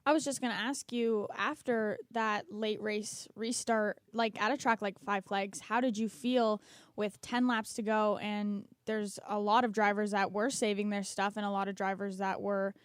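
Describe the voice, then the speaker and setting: A woman co-hosting a radio show, asking a guest a plain, measured question. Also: medium pitch, steady tone, clean tone, no echo. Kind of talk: casual radio interview.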